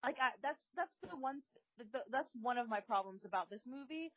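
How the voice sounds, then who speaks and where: Higher-voiced woman giving emphatic opinions. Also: animated, a little fast, no room sound. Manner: opinionated and emphatic, with frequent laughs. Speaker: podcast co-host. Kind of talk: casual chat. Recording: dry, dull lo-fi recording.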